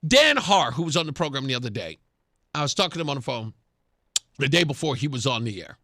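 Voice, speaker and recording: A man's voice: mid-range voice, very animated, fast talker, pushed and bright, no echo, clean studio sound. A man hosting a talk radio show, giving sarcastic political commentary and laughing often. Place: radio studio.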